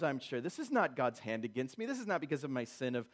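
A man's voice: mid-range voice, big pitch swings, fast. A man preaching a sermon, acting out quotes in character and building emphasis through repetition. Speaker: pastor.

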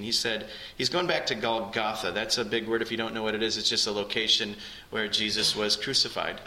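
Earnest pastor preaching in an echoey church. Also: male voice, fairly low pitch, sharp tone. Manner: earnest, rising emphasis on key phrases. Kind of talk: sermon. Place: church sanctuary.

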